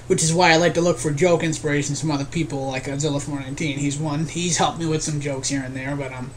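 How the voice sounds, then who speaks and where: Young male creator, casual vlog update, slightly high voice, faint room hiss, earnest and rambling. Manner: rambling, restarts often, earnest. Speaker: video creator.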